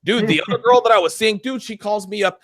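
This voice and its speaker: A man's voice: sits high, fast talker, no echo, studio quality. A man hosting a casual podcast conversation, telling blunt, profane stories. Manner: animated, profane storytelling. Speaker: podcast host.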